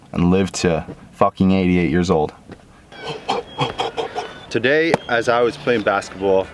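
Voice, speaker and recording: A man with a voice on the low side tells personal stories in a reflective vlog, recorded outdoors in a park. He's earnest, shifting between calm musing and bursts of excitement, with music playing over his voice and a little hiss or hum.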